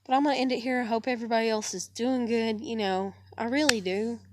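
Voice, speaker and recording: A woman's voice: a little high, steady tone, a little fast, noisy background. A woman in her thirties venting to her viewers in a frustrated, stressed vlog, swearing often and sighing wearily. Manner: swearing, exasperated, trailing off into weary sighs. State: upset and stressed. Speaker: vlogger. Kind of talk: frustrated personal vent to camera.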